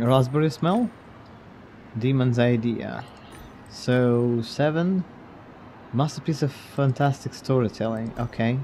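A man gives casual let's-play commentary at an ordinary mid pitch. He stays loose and wry, teasing the game's characters and cursing offhandedly now and then. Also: darkish tone, a little hiss or hum. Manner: wry, blunt, swears casually, chuckles at the game. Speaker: game streamer.

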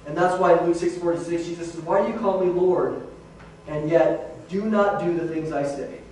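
Male pastor, high voice, casual sermon, distant mic in an echoey church hall. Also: fairly even intonation, moderate pace, darkish tone, slight background noise. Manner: conversational preaching, addresses listeners as guys. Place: large church sanctuary.

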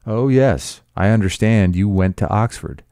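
A man's voice: fairly low pitch, animated, a little slow, gravelly, dark tone, clear, resonant tone, dry recording, clean studio sound. A man reading the part of an arrogant, scornful rich husband, with a sneering, incredulous delivery.

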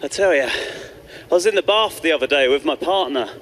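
Brief: man, stand-up set, playful crowd work, higher voice, stage mic in a noisy live club. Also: animated, moderate pace, a bit bright. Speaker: stand-up comedian. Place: comedy club stage before a live audience. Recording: live club with audience noise.

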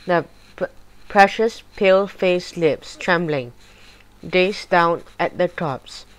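Slow, low-voiced woman reading aloud. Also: low-quality recording. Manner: slow, deliberate and even. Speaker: storybook reader. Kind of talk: audiobook narration of a horror chapter.

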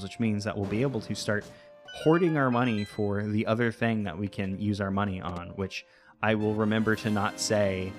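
A man casually commenting on his video game, rambling, joking at his own expense and talking to the creatures on screen, his voice a little worn. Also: on the low side. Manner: rambling, self-mocking, talks to game creatures. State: voice getting worn. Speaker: let's play host.

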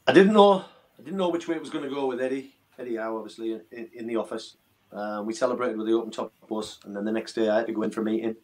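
Man, middle-aged, low voice, earnest emotional storytelling, interview guest. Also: quick pace, slight background noise, low-quality recording. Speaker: former footballer, interview guest. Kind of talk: casual reminiscing interview.

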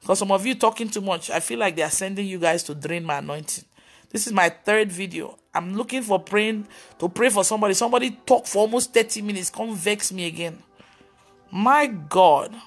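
A woman's voice: medium pitch, brisk, soft background music. A woman pastor preaching on a live video, telling stories and scolding with emphatic exclamations. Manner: animated storytelling, mimicking others' voices.

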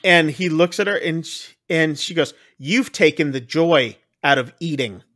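A man casually recapping a film on a podcast, acting out the lines with big jumps in pitch. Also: a little slow, fairly bright tone. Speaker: podcast co-host. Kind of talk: casual movie recap chat.

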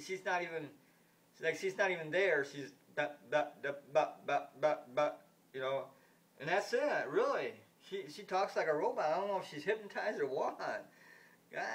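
A man's voice: high-pitched, fairly bright tone, far from the mic. A man rambling in a casual monologue, blunt and indignant, repeating himself with many restarts and the odd swear word. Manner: rambling, repetitive, lots of restarts and stumbles. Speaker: vlogger giving political opinions.

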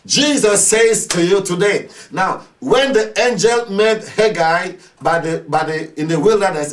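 A man's voice: high voice, unhurried, hardly any pauses, distant mic. A man preaching a sermon, leading the congregation in call-and-response prayer with emphatic, repetitive declarations.

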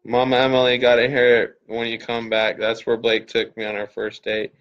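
Bright-voiced joking man on a stream. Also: medium pitch, monotone, moderate pace, highs cut off. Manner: joking, profane, talks straight to viewers. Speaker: livestream host and parent. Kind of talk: casual livestream chat.

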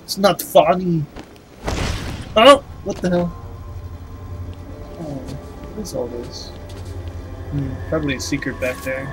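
A man's voice: fairly high pitch, animated, slow pace, pauses often. A man recording let's play commentary, jumpy and swearing as he reacts aloud to what happens on screen. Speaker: gamer playing a horror-tinged action game. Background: game music.

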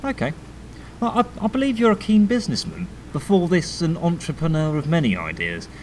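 A man's voice: fairly high pitch, very animated, brisk, darkish tone, slight background noise. A man playing a prim documentary interviewer. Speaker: interviewer and narrator. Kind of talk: mockumentary comedy.

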